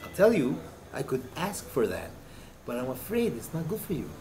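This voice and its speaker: A man voicing a kindly older rabbi who gives earnest, gentle advice in a spoken story. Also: a little high, sing-song, normal speed, a little hiss or hum, low-quality recording.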